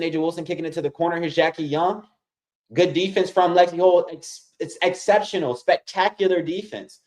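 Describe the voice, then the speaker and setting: Excitable man calling a game for viewers. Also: a little high. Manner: excitable, keeps addressing viewers as y'all. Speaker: watch-along host. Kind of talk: casual play-by-play commentary.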